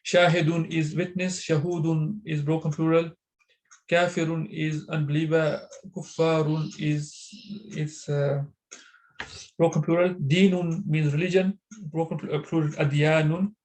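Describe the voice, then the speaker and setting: A man teaching Arabic grammar in an online class speaks with a slightly raised pitch, a darkish tone and flat delivery. His speech is halting, with frequent filler pauses and restarted words, and the rough recording sounds like a video call.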